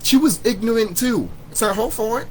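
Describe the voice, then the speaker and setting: This vlogger delivers a profane spiritual rant straight to camera, heated, repetitive and full of swearing. He has a high-pitched, somewhat dark voice and speaks at a moderate pace over a rough recording with faint hiss or hum.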